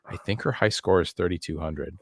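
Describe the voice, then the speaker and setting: A man's voice: deep voice, fairly quick, vocal fry, slight background noise. A man co-hosting a podcast in casual chat, joking around and rambling through his stories. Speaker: podcast co-host.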